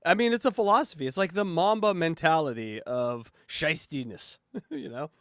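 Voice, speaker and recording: Joking podcast man, higher voice. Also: expressive, moderate pace, a bit bright, no room sound, clean studio sound. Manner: joking, laughs often. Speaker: podcast co-host. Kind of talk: casual podcast chat.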